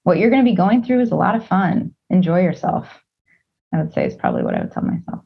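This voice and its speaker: A woman interview guest who leads a team, speaking in a thoughtful, measured way with frequent fillers. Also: fairly low pitch, wildly swooping pitch, gravelly, husky, muffled recording. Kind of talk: casual interview.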